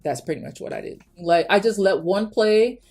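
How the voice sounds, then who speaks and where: A woman's voice: medium pitch, normal speed, darkish tone, soft background music. A young woman chatting casually as she does her makeup on camera, rambling with many restarts. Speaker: beauty YouTuber. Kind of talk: casual get-ready-with-me chat.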